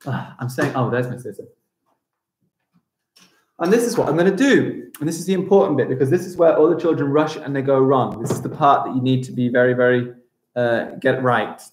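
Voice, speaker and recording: A man's voice: mid-range voice, fairly quick. A man teaching a live-streamed primary school craft lesson, chatting as he narrates each step aloud. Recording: roomy echo.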